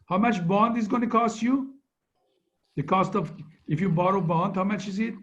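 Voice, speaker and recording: A man's voice: high-pitched, normal speed, a bit bright, slight background noise. Male lecturer on muffled call audio. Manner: conversational, keeps asking "right?". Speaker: finance lecturer. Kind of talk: online lecture review.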